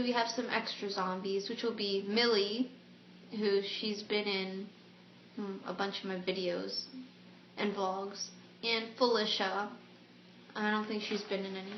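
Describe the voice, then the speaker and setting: A woman vlogger chatting casually and mocking herself in a giggly way, in a room at home. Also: mid-range voice. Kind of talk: casual vlog chat. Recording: roomy dull home video with faint hiss.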